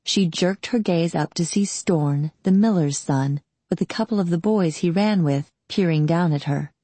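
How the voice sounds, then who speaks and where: A woman narrating an audiobook in a calm, steady storytelling manner. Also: fairly low pitch, moderate pace, breathy edge, no room sound. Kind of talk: scripted narration.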